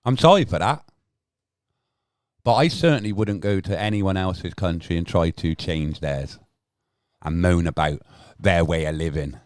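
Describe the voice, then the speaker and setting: A man's voice: low-pitched, measured pace, no room sound. A man, bluntly arguing with his chat on a casual livestream and swearing now and then. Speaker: livestream host.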